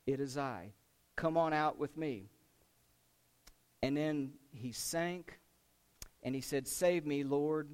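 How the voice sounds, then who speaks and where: A man preaching a sermon, retelling a scripture story with lively swings between loud dramatic lines and low, quiet emphasis. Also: takes it slowly, pauses often.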